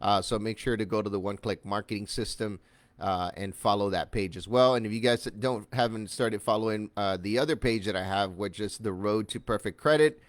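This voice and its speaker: A man's voice: lowish voice, brisk, dry recording. A man giving a loose, conversational screen-share tutorial, greeting viewers by name and using lots of fillers. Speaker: online marketing instructor.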